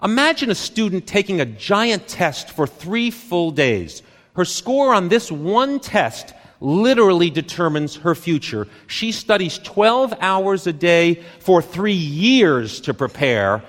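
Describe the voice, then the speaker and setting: A man giving a live conference talk on stage, speaking in short dramatic phrases with deliberate pauses. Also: high voice, very animated, fairly bright tone. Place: stage in a large hall. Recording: long hall reverb from a live stage.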